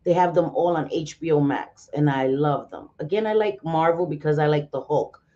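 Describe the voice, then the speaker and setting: A woman's voice: sits low, moderate pace, dark tone, highs cut off. A woman in her forties, chatting casually on a live stream, greeting viewers by name and swearing freely. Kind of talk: casual chat.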